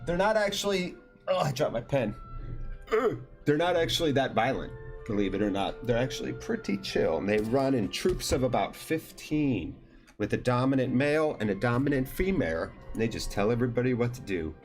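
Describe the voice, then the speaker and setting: Very animated and fairly quick, a mid-pitched man hosts a loose, jokey live online trivia show. He awards points and ribs the teams by name, with faint music playing behind him.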